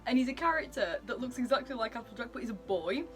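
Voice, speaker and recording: A woman's voice: a little high, lively intonation, fast, faint music behind. A woman reacting to a comic as she reads it, gushing and giggly with lots of exclamations. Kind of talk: excited reading reaction.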